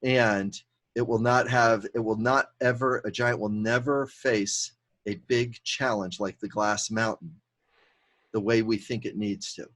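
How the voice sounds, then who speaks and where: A man hosting a podcast, telling a fable in an animated way and chuckling at his own tale. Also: fairly low pitch, a little slow. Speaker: podcast host. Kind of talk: storytelling, conversational.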